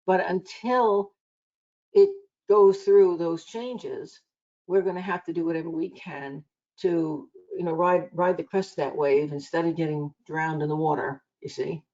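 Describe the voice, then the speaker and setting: Woman psychic host, low-pitched, chatty and rambling, muffled stream sound. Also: steady tone, measured pace. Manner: chatty, warm-hearted rambling with restarts. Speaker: psychic reader and show host. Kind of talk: live online psychic reading show.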